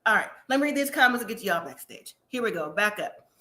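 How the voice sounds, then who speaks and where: A woman hosting a casual live-stream recap of a reality show, chatty and sassy, acting out what people said in quick asides. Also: mid-range voice, lively intonation, bright, forceful tone.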